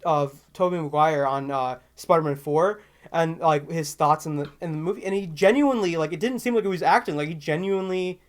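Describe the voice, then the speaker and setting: A man's voice: fairly high pitch, a little fast. A man co-hosting a casual podcast, rambling with many fillers and laughing easily. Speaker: podcast co-host. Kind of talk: casual pop culture podcast chat.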